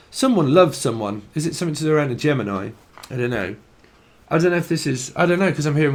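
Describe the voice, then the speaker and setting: A man's voice: a little high, animated, fast talker. A man giving a casual channelled tarot reading, rambling and free-associating, laughing often and swearing casually. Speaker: tarot reader.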